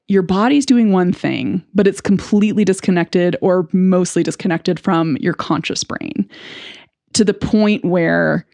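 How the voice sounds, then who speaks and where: A woman's voice: mid-range voice, gravelly, darkish tone, dry recording. A woman hosting a podcast as a speech-language pathologist, speaking frankly and reflectively in a candid first-person monologue, with bursts of nervous laughter.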